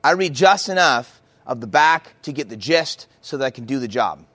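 A man's voice: mid-range voice, lively intonation, moderate pace, pushed and bright. A man, a worship leader and speaker, telling a personal story in a sermon, chatty and self-mocking, then hammering home emphatic points.

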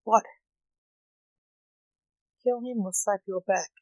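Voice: mid-range voice, fairly even intonation, slow pace, dark tone, no room sound, lightly acted, rough recording. A reader voicing a sarcastic, dismissive young man who snaps back at his father, in a storybook reading. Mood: snappy. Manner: snappy, dismissive. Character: snappy, sarcastic adult male son, necromancer.

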